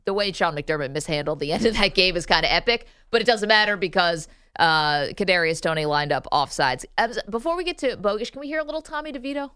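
A woman co-hosting a sports radio show, her voice clear and smooth. She talks in quick, chatty runs and laughs easily. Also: lowish voice, lively intonation, fairly bright tone. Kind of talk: casual sports talk.

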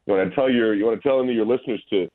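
A man appearing as a guest on a talk show, speaking haltingly with many fillers and restarts. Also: fairly low pitch. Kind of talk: casual chat. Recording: tinny phone line.

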